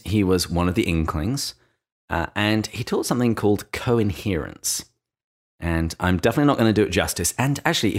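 A man with an English accent, co-hosting a podcast in an easygoing, chatty way. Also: low voice. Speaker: podcast co-host. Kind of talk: casual chat.

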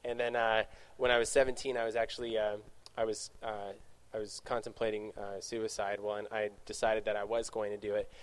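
Addressing young adults in a relaxed Q&A, this youth speaker shares his personal story in a fairly low pitch and level tone. He meanders, keeps correcting himself mid-thought, and slips in brief asides.

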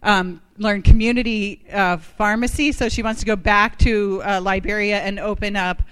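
A woman from Ohio gives a faith talk with a smooth, clear voice at a middle pitch. She tells stories with a candid, self-deprecating honesty and leads a short, simple prayer. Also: fairly even intonation, moderate pace, a bit bright. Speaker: guest speaker.

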